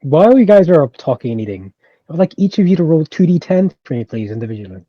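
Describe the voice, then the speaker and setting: A man running a tabletop game as game master, calmly sorting out rules and dice rolls. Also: fairly high pitch, quick pace, dry recording, dull audio. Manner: calm, clarifies rules and rolls.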